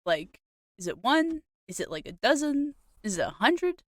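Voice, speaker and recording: A woman's voice: on the high side, very animated, normal speed, no echo, clean studio sound. A woman podcast co-host chatting casually, filling her speech with "like" and asking playful questions. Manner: chatty, full of "like" fillers. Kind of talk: casual chat.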